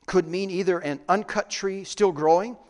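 A man's voice: sits high, normal speed. A man preaching a sermon, often asking the congregation questions and answering them. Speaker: pastor. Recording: long reverb of a large hall.

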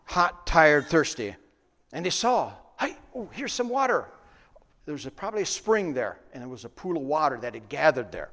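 A man's voice: fairly high pitch, lively intonation, a little fast, fairly bright tone. A man preaching a sermon, often asking the congregation questions and answering them. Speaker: pastor. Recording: long reverb of a large hall.

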